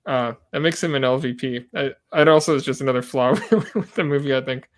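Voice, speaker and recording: A man on a podcast panel talks casually in a mid-range voice. He hesitates a lot and fills his pauses with uh and um. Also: medium pitch. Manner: hesitant, many fillers, laughs. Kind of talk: casual chat.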